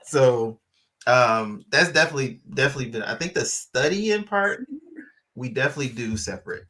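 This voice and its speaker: A man's voice: medium pitch, lively intonation, moderate pace, sharp tone. A man co-hosting a church talk show, chatting casually and animatedly with plenty of fillers. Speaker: co-host. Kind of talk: casual chat.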